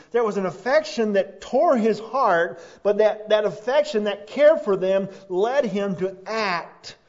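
Earnest male preacher, somewhat high voice, dull lo-fi sound. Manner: earnest, rising to emphatic peaks then dropping soft. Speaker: pastor. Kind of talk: sermon.

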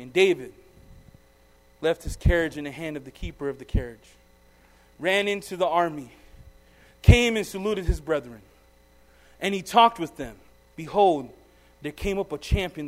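A man with a high voice preaches a sermon, reading scripture haltingly and then pressing his listeners with direct questions. His delivery swings between loud and very soft passages.

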